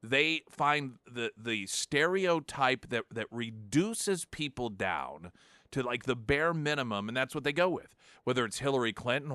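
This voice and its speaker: A man's voice: medium pitch, lively intonation, measured pace, pushed and bright, no room sound. A male talk radio host giving sarcastic, mocking political commentary in a studio. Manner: sarcastic, mocking, with frequent restarts. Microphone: studio microphone.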